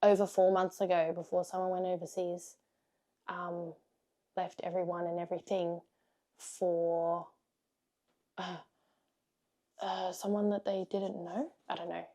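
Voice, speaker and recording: A young woman vlogging a casual storytime, blunt and sweary, laughing often and swinging from loud to hushed. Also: fairly low pitch, flat delivery, a little slow, long pauses.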